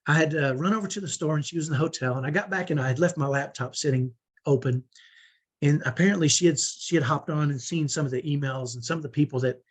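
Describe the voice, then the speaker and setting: Earnest man in his fifties, husky voice a bit high, motivational coaching talk. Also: fast. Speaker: parenting coach. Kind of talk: online training talk.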